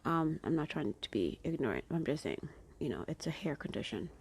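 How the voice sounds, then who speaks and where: A woman's voice: sits low, sing-song, brisk, gravelly, darkish tone, a little hiss or hum. A woman talking casually to her followers, chatty and rambling, often dropping into whispered asides. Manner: chatty and rambling, with playful greetings. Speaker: vlogger.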